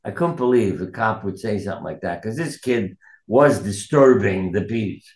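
Male doctor guest, low voice, earnest storyteller, roomy echo. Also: animated, moderate pace. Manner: earnest, anecdotal, quotes people in his stories. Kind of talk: reflective interview storytelling.

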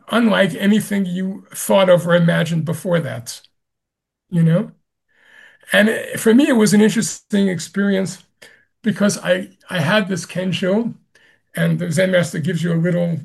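Slow gravelly-voiced Zen master. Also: male voice, sits high. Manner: slow, gentle storytelling with soft laughs. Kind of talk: reflective interview answer.

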